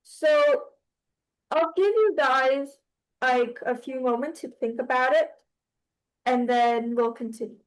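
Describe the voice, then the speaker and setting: A young woman teaches a writing lesson in a slightly high voice. She talks at an unhurried pace, stopping often to search for the next word and correct herself. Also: low-quality recording. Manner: explaining slowly with many fillers and restarts. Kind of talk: online class lecture.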